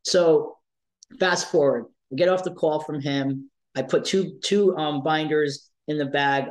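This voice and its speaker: A man's voice: mid-range voice, low-quality recording. A man, a life coach, telling stories in an interview, emphatic and repeating key phrases for weight. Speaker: life coach for trans and non-binary youth. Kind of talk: conversational interview storytelling.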